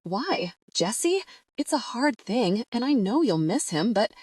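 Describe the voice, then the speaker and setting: Woman doing a gentle old-fashioned old priest, formal, talks with a lively up and down. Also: on the high side, unhurried, dry recording, clean studio sound, pitched above the performer's own voice. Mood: urgent.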